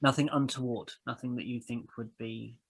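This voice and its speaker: A man narrating as game master of a tabletop game, pausing often with ums as he describes the scene. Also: mid-range voice, steady tone, vocal fry, a bit bright, breathy edge, rough recording. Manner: hesitant, many ums while describing. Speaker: dungeon master.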